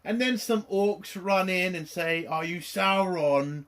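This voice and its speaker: A man's voice: high voice, slow pace, fairly bright tone. Exasperated man, sarcastic review. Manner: exasperated, sarcastic, swears often. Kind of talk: casual spoken review.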